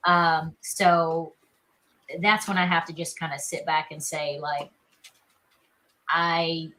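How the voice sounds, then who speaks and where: A woman in her thirties from South Carolina with a warm Southern accent, a fairly low voice and a bright, forward tone. She talks in a chatty, upbeat way, full of "you know" and "like", as a guest on a video call interview. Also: steady tone, a little slow, low-quality recording. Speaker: guest, actress. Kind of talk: casual interview chat.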